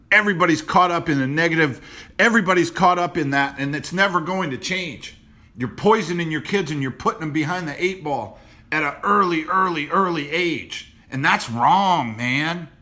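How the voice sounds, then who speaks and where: A man hosting a motivational rant to camera, blunt and preachy, repeating himself, dropping low and quiet on personal points. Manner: blunt and preachy, repeats phrases, many restarts. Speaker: host.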